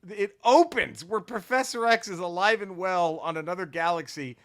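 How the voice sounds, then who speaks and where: A man's voice: high voice, moderate pace, fairly bright tone. A man hosting a casual podcast chat, boisterous and teasing, laughing often. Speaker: podcast host.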